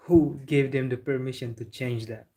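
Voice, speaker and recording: Young guy on his livestream, flat-ish voice, chatty, laughs a lot answering chat. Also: medium pitch, measured pace. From Senegal. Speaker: football livestream host.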